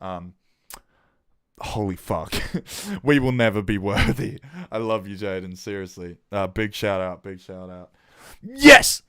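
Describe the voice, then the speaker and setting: A man hosting a casual livestream, reacting with excitement to listeners' tracks, swearing often and giving shout-outs. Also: deep voice, measured pace, clear, resonant tone, no room sound, clean studio sound.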